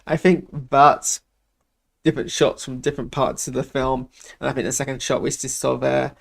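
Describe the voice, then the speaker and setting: Hesitant man with a gravelly voice. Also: medium pitch, level tone, normal speed. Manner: rambling, hesitant, lots of restarts and self-deprecating asides. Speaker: channel host reacting to a film trailer. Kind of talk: casual live reaction commentary.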